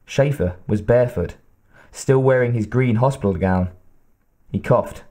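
The clip features a man narrating a book from a script, his reading calm and consistently paced. He speaks at a medium pitch.

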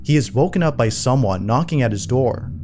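A man reading scripted narration in an even, measured storytelling manner. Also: medium pitch, noisy background. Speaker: narrator of a played compilation video.

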